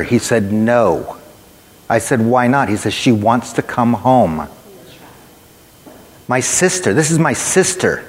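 A man's voice: mid-range voice, expressive, measured pace, long pauses. A man preaching a sermon, telling a personal story in a conversational way and speaking directly to his listeners. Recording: long hall reverb.

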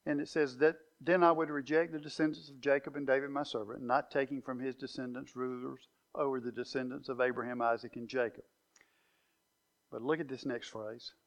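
A man's voice: mid-range voice, level tone, brisk, highs cut off. A man preaching a sermon, walking through Bible passages and stressing key words with emphatic declarations. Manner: emphatic Bible teaching, rising to loud declarations.

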